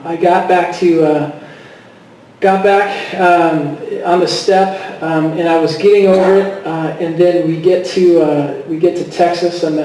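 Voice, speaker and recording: A middle-aged man giving a personal testimony, speaking haltingly with many fillers and restarts and often quoting himself. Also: fairly high pitch, dark tone, slight background noise. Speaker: guest speaker. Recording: echoey hall from far off.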